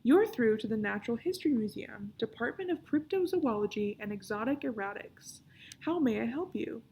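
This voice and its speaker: A woman's voice: a little high, animated, normal speed, warm tone, slight background noise. A woman voicing a formal, curt museum receptionist answering the phone in a storybook reading. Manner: stiffly formal.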